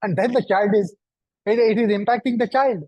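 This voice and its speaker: Deliberate man lecturing, dull recording. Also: sits high, no echo. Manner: deliberate, repeats and stacks synonyms for emphasis. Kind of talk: lecture to an audience.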